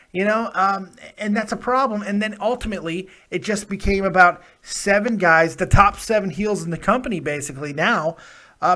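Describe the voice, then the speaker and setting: A man's voice: high-pitched, bright, forceful tone. A man hosting a live call-in wrestling review show, chatting casually with callers, emphatic and playful, swearing freely.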